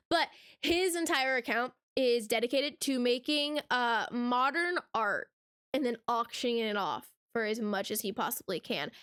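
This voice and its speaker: High-voiced sarcastic young woman ranting. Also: a bit bright, clean tone, no echo, studio quality. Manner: sarcastic, exasperated, rhetorical questions. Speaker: reaction channel host. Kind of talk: casual rant to camera.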